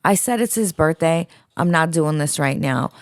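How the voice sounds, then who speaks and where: Woman, podcast co-host, lowish voice, reads a story aloud, blunt, profane, dry room. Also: lively intonation, moderate pace, no echo. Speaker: podcast co-host reading a listener letter. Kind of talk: casual podcast chat, reading aloud.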